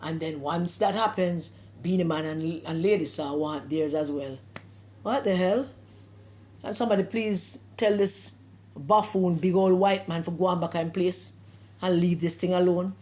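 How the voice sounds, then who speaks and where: A woman's voice: fairly low pitch, unhurried, a little mellow, a little hiss or hum. A Jamaican woman from Jamaica giving an emphatic political opinion monologue, with scornful rhetorical questions and slips into patois. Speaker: political commentator.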